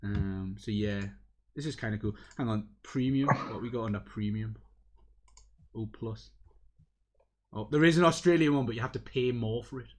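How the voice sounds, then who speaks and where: Excitable rambling host. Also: male voice, fairly low pitch, moderate pace, pauses often. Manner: excitable, rambling, self-mocking. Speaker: livestream host. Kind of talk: casual livestream chat.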